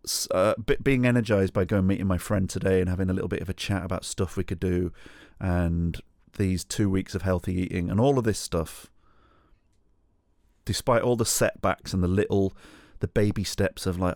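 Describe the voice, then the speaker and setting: A man's voice: deep voice, steady tone, moderate pace, vocal fry, darkish tone, no room sound, studio quality. A middle-aged man hosting a solo podcast, telling a rambling, sweary, self-mocking story. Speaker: podcast host.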